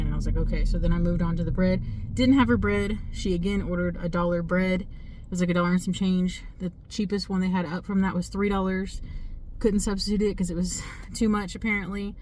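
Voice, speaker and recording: A woman's voice: fairly low pitch, fairly even intonation, fast, heavy background noise. A woman who drives for delivery apps, telling a frustrated, rambling story of her shift to the camera, with many fillers. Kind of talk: casual vlog talk to camera. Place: in a car.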